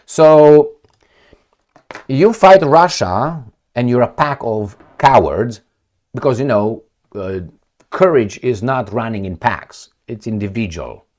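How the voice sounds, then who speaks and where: A man's voice: mid-range voice, expressive, slow pace, darkish tone. A man hosting a casual news commentary, sarcastic, crude and mocking as he reads and reacts to headlines.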